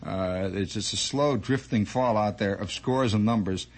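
A man hosting a radio show, telling a digressive story with animated asides and many restarts. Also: lowish voice, normal speed. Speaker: radio host. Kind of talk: rambling on-air storytelling.

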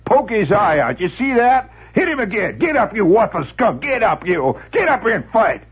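Man playing a high, shouting, drunk brawler cowboy. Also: sing-song, normal speed, husky, dull audio, exaggerated voice. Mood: egging on. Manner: shouting, slurring insults.

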